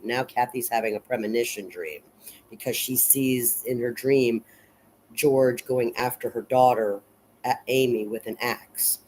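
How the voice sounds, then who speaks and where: A woman casually recapping and analyzing a film in a rambling, unhurried way, full of fillers and restarts. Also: very deep voice, a little mellow, slight background noise, low-quality recording. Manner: unhurried and reflective. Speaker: film reviewer.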